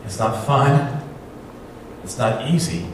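A man's voice: medium pitch, expressive, slow, slight background noise. A man preaching a sermon as pastor, talking with the congregation through rhetorical questions. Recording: echoey hall, voice from far off.

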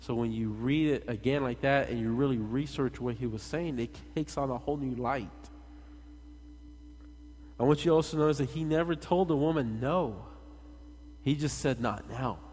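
A man's voice: medium pitch, moderate pace, a little hiss or hum. Conversational male preacher in a reverberant hall. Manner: animated, conversational, addresses the congregation directly. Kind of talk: sermon.

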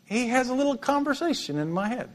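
A middle-aged male pastor preaching an animated sermon, with humorous asides and repeated words. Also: very high-pitched, quick pace.

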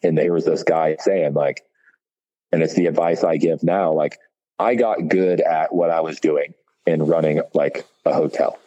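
A man's voice: extremely low pitch, mellow, muffled recording. A man, a chef, telling long stories in a loose, profane way with lots of fillers. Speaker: chef, podcast guest. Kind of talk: casual storytelling.

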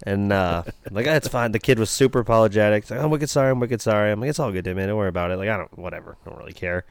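A man's voice: lowish voice, very fast, clean tone, no echo. A young man co-hosting a podcast, telling stories in a laid-back, self-mocking casual chat. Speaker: podcast co-host.

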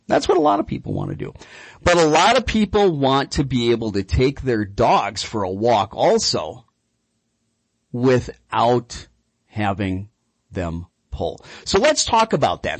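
A man hosting a radio call-in show about dog training, telling stories in an animated, chatty way. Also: mid-range voice, vocal fry, husky, no echo.

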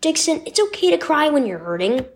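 A woman voicing a caring mother who speaks softly and reassuringly to her hurt son. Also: high voice, very animated, fairly quick, voice pushed up. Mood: comforting. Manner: soft, reassuring.

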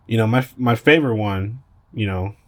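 A man's voice: fairly low pitch, normal speed. A man hosting a podcast, talking casually in a brash, boastful and profane way. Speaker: podcast host.

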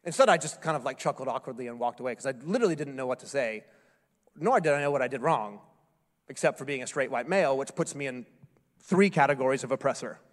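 A man's voice: mid-range voice, expressive, fast talker. A man preaching a sermon as a pastor, telling stories with wry, self-deprecating humor. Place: church sanctuary. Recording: echoey hall with long reverb.

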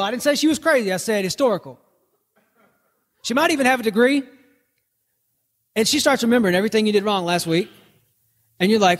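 Man, pastor, high voice, joking storyteller, long echoing reverb. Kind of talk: conversational sermon podcast.

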